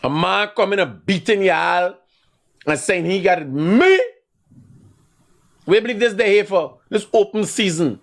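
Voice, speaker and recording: Guyanese guy hosting a call-in show, kinda high voice, blunt and heated, scolds callers hard. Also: a little slow, gravelly, pauses often. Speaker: host taking calls.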